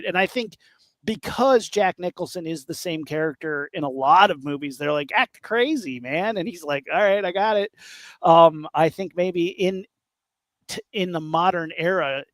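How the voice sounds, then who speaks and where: Man, 30s, high-pitched, animated podcast co-host, dry home-mic sound. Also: dry recording. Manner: animated, acts out quotes with laughter. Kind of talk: casual chat. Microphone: home mic on a video call.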